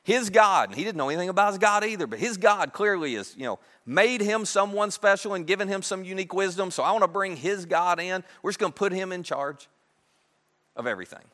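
Man, pastor, sermon, humorous storytelling, bright voice, echoey hall. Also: high-pitched, lively intonation, a little fast.

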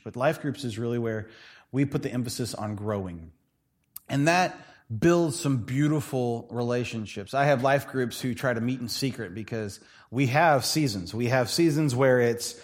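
A man preaching a church sermon, telling stories animatedly, acting out quoted voices and laughing often. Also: mid-range voice. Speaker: pastor.

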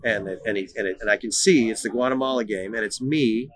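A man's voice: fairly low pitch, quick pace, a little hiss or hum. A middle-aged man, a former pro soccer player, telling stories as a guest in a casual interview, often repeating words as he starts a sentence.

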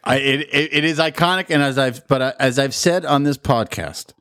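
A man's voice: medium pitch, normal speed, fairly bright tone, clear, resonant tone, dry recording. Easygoing male podcast host, dry sound. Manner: laughs easily, brief agreeing replies. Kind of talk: casual podcast chat.

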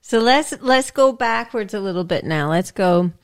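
A woman co-hosts a relaxed interview and sounds upbeat. She laughs easily and keeps cheering her guest on. Her pitch sits in a normal middle range. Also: normal speed. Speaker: podcast co-host. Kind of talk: casual interview.

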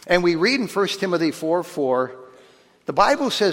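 Folksy high-voiced preacher in a reverberant hall. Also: male voice, normal speed. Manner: folksy, animated, acts out quoted voices. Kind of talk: sermon.

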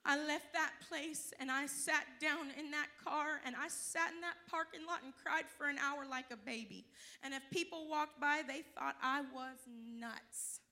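Bright, high-voiced fervent woman preacher. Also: a little slow. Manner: fervent, swings from hushed storytelling to loud cries of praise; exclaims calls to the congregation. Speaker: church speaker giving testimony. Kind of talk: Pentecostal sermon testimony.

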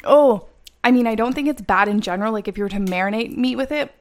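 Young Canadian woman, podcast host, chatty and animated, casual solo delivery. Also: on the high side, quick pace, slight background noise. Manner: chatty and animated, talks straight to listeners.

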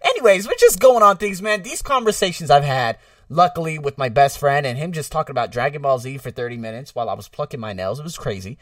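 A man talking straight to his viewers in a casual vlog monologue. His pitch jumps around a lot as he jokes and swears, with loud bursts and then quiet asides. The mic sits a little away from him in a dry, dead room. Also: fast talker, dry recording, far from the mic. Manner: animated and jokey, swings between loud bursts and low asides, swears casually. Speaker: vlogger.

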